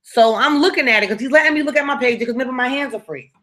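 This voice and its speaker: A woman's voice: high-pitched, racing, a bit bright. A young woman casually telling a personal story to her viewers, slangy and conversational, often checking that listeners follow.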